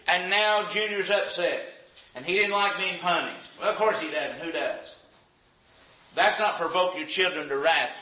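A man preaching a sermon with an emphatic, repetitive cadence. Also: sits high. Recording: echoey, dull lo-fi room sound.

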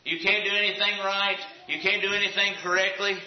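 A man's voice: high voice, level tone, fairly quick. A man preaching a sermon with an emphatic, repetitive cadence. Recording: echoey, dull lo-fi room sound.

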